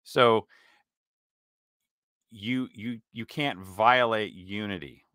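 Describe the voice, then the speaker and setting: A man commenting on a recorded lecture, pausing it to argue and rebut point by point. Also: fairly low pitch, pushed and bright, no room sound, studio quality. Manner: argumentative, interjecting, pausing and rebutting. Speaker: commentator reacting to a clip. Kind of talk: casual commentary.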